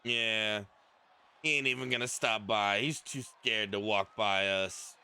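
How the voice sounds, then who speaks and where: A man's voice: on the low side, steady tone, measured pace, bright, forceful tone, clear, resonant tone, a faint crowd. A man doing wrestling commentary, trash-talking and mocking a wrestler. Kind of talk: heel-leaning play-by-play banter.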